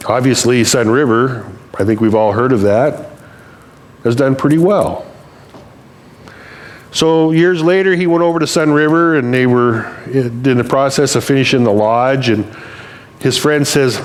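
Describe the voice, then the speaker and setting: Speaking at normal speed with a medium-pitched voice, an older preacher tells stories during a church sermon. His manner is plain-spoken and conversational.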